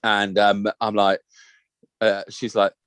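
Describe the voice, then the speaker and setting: A man's voice: fairly low pitch, completely flat delivery, slow pace, fairly bright tone, clear, resonant tone, no room sound. A man in his thirties co-hosting a podcast, telling a sweary, laughing story in casual chat. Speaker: podcast co-host.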